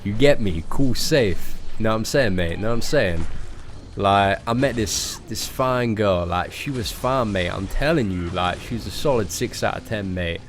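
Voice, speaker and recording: A man's voice: medium pitch, sing-song, takes it slowly, a little hiss or hum. A man voicing a cocky young male roadman who talks in swaggering street slang and keeps tagging lines with filler.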